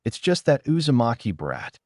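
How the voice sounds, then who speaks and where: A man voicing a boastful, loudmouthed teenage boy ninja. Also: medium pitch, huge pitch swings, normal speed, no room sound, studio quality, voice pushed up. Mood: brash. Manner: boastful, barking.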